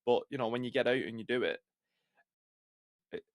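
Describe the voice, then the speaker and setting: A man hosting a podcast interview, asking reflective, measured questions. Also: mid-range voice, no room sound, clean studio sound. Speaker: podcast host. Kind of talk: conversational interview.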